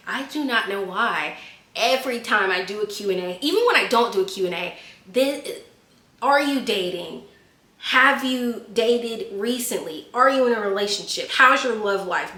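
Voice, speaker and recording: Woman vlogger, 20s, lively storyteller, bright tone, roomy sound. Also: mid-range voice. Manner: animated storyteller, laughs at herself. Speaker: vlogger answering viewer questions. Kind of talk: casual chat.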